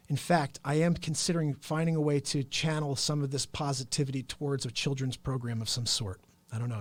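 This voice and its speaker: A man's voice: medium pitch, no echo. A man hosting his own talk stream, speaking in an earnest, upbeat, rambling way. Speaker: host. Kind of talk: casual solo livestream talk.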